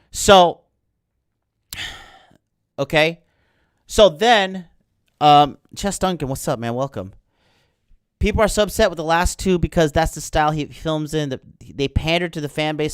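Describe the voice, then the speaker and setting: Smooth-voiced man ranting profanely. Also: medium pitch, no echo, studio quality. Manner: heated, profane, rambling. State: sleepless late at night. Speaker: podcast host. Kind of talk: ranting livestream monologue.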